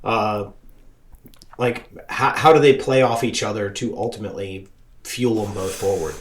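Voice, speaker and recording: A man co-hosting a podcast who asks casual interview questions in a relaxed, halting way. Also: on the low side, a little hiss or hum. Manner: relaxed, halting, full of fillers. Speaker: podcast co-host.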